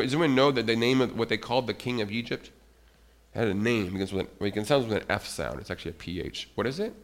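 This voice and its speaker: A man telling a Bible story to children at a church service. He sounds animated, keeps asking the kids questions and calls on them by name, in an everyday mid-range voice. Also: medium pitch.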